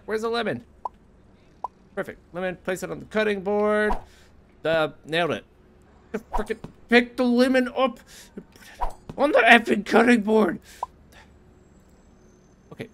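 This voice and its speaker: A young man playing a cooking game and commenting as he goes, frantic and sarcastic, jumping from low mutters to squeaky outbursts. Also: unhurried, creaky, pauses often, fairly bright tone, a little hiss or hum. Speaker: gaming youtuber. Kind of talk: casual gameplay commentary.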